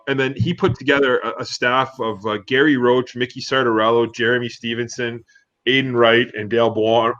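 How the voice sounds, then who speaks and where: A man's voice: medium pitch, bright, forceful tone. A man co-hosting a sports talk show, chatting casually and telling rambling stories with lots of fillers. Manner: rambling, many fillers, storytelling. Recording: dull dry lo-fi audio.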